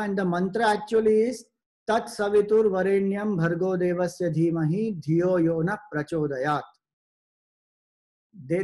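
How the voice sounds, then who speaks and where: A man giving a spiritual discourse, explaining in measured, short phrases with pauses. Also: sits high, a little mellow. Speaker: spiritual teacher.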